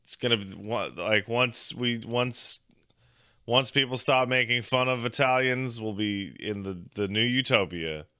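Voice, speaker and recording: Male streamer, young, casual rambling jokes, bright tone, dry close sound. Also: medium pitch, unhurried, clean tone, no room sound. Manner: joking, rambling, swears and laughs often. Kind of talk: casual reaction chat.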